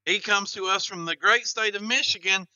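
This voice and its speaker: A man's voice: sits high, moderate pace, sharp tone, smooth, no room sound, muffled recording. A man working as a game show announcer with comic, mock-dramatic patter. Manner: mock-dramatic, rambling for laughs.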